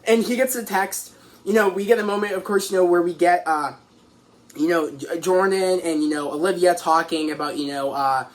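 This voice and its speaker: A man excitedly recapping a TV episode as a reviewer, rambling and restarting as he goes. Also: sits high, moderate pace. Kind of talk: casual recap.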